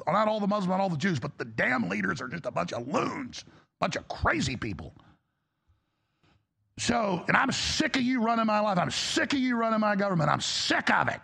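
A man's voice: high-pitched, pushed and bright. A male talk show host delivering an angry, exasperated political rant, blunt and profane. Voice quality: gravelly.

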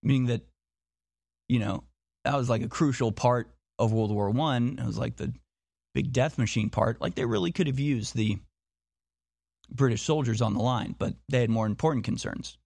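A man's voice: medium pitch, moderate pace, creaky, a little mellow, breathy edge, no echo. A man talking in a monologue, insistent, firing off repeated rhetorical questions and often restarting his sentences. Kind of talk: monologue commentary.

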